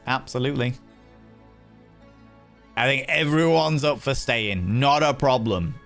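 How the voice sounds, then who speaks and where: A man narrating as game master for a streamed tabletop game, unhurried and dotted with fillers. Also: medium pitch, a bit bright, soft background music.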